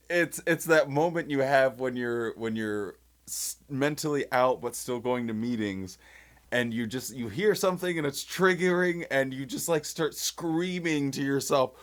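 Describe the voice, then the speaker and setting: Animated, sarcastic young man commenting. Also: mid-range voice, unhurried. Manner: sarcastic, animated, laughing mockery. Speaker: video commentator. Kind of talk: casual commentary vlog.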